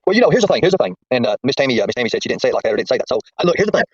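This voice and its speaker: A man's voice: medium pitch, big pitch swings, racing, slightly rough, no room sound. A man hosting a casual livestream chat, folksy and preachy, who repeats his points. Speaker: livestream host. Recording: muffled lo-fi stream audio.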